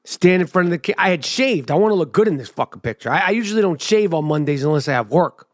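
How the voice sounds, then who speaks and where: A middle-aged man telling a profane comic story, swearing often and mimicking other people in a high excited voice. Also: quick pace, no room sound, clean studio sound.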